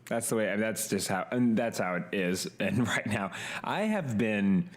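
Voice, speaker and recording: A man co-hosting a podcast, laid-back and halting, laughing often as he talks. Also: fairly low pitch, animated. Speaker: podcast co-host. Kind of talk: casual chat.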